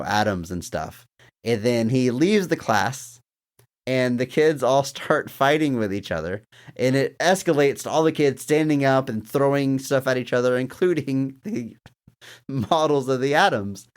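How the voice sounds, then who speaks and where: Animated man retelling movie scenes. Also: medium pitch, normal speed. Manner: animated storyteller, laughs while retelling scenes. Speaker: podcast co-host. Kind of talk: casual podcast chat.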